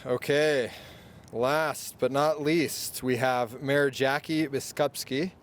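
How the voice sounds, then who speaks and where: A man with a mid-pitched voice acts as emcee at an outdoor press event, reading an introduction into a podium microphone. He keeps things light and pokes fun at himself. Faint noise hums behind him. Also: fairly even intonation, slow. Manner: light, self-deprecating.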